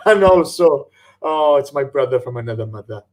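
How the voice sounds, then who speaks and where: A man hosting a live fan podcast, rambling and animated, breaking into sweary rants. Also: medium pitch, moderate pace. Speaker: podcast host.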